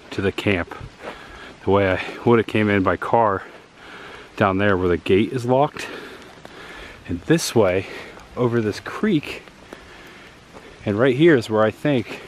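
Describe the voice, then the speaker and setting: A little hiss or hum sits under a lowish male voice as he narrates a casual handheld vlog on a walk through the woods. Breathless and enthusiastic, the vlogger tours filming locations and points things out as he walks.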